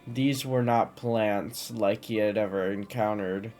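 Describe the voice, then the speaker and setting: A man's voice: on the low side, steady tone, slow pace, darkish tone, soft background music. A man casually reading a fantasy story aloud, often stumbling and restarting words. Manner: stumbles and restarts, occasional coughs. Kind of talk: casual reading of fan lore.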